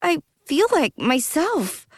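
Emotional young man, voiced by a woman; pitched well up, dry studio. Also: big pitch swings, slow, no echo, exaggerated voice. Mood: joyful. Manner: breathless, high and emotional. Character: young man, tearful then overjoyed fledgling. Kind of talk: audiobook character reading.

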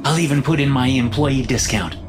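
A man's voice: mid-range voice, brisk, music in the background, voice pushed up, close to an everyday voice. A man doing a chirpy salesy shop clerk. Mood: eager. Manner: upbeat, salesy, eager to please. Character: eager, overly friendly male electronics store clerk.

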